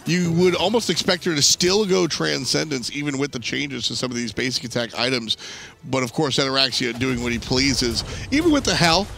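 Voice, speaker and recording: A man's voice: medium pitch, expressive, fairly quick, gravelly, sharp tone. A man casting live esports, breaking down picks and items in an analytical, chatty way with frequent restarts. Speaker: esports caster.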